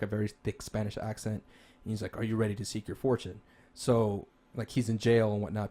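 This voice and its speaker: Rambling, excited man podcast host. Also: mid-range voice. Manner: rambling and enthusiastic, with many restarts and "like"s. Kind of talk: casual chat about games and movies.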